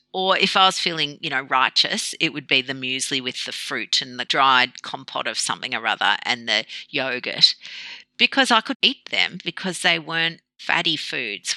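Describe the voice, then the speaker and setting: A woman's voice: extremely low pitch, pushed and bright, no room sound, poor audio. A woman guest in a conversational interview, talking animatedly and acting out quoted dialogue. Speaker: podcast guest.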